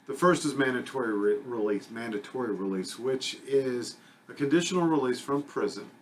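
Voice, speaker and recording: A man's voice: mid-range voice, lively intonation, normal speed, a little hiss or hum. A man, a criminal justice instructor, giving a conversational recorded lecture with frequent fillers and self-corrections.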